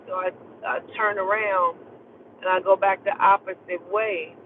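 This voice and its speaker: Brief: high-voiced man ranting on a phone-quality stream, lively and foul-mouthed, faint car hum behind. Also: normal speed. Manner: animated, profane, exclaiming storyteller. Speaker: live streamer. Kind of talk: casual live-stream storytelling. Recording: tinny phone audio with faint vehicle noise.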